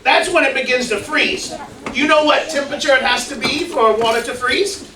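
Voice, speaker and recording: A man's voice: very high-pitched, a little fast. A man performing a comedic science skit for children, playfully asking the kids questions and cheering their answers. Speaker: children's ministry presenter. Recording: echoey room, mic far off, faint noise.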